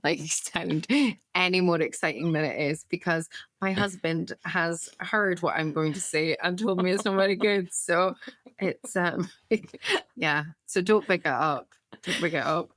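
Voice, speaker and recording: A woman's voice: lowish voice, a little slow, a bit bright, dry recording. Woman, late 30s, podcast co-host, teasing and self-mocking, dry mic. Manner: self-deprecating, jokey. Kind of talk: casual chat.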